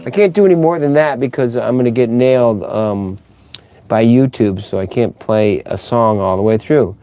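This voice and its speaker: A man's voice: mid-range voice, normal speed, dark tone, clear, resonant tone, no echo, faint music behind. A middle-aged man hosting a casual live stream, rambling and chatty as he reads out viewer comments.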